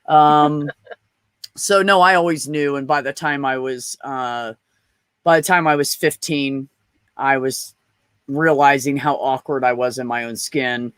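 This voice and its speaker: A man's voice: medium pitch, fairly even intonation, unhurried, a bit bright, clean tone, no echo. A trans man in a casual podcast chat, telling personal stories bluntly and with plenty of swearing. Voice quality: blunt and profane, storytelling. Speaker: podcast guest.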